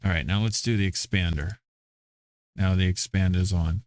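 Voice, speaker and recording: A man's voice: deep voice, fairly even intonation, normal speed, darkish tone, no room sound, studio quality. A middle-aged man hosting a casual livestream, talking to himself offhandedly while he tweaks his audio settings. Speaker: livestream host.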